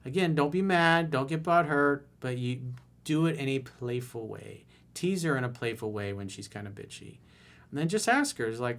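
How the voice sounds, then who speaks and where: A man's voice: mid-range voice, animated, moderate pace, fairly bright tone. A man as a dating coach, reading viewer emails aloud and answering them with blunt, casual, direct advice.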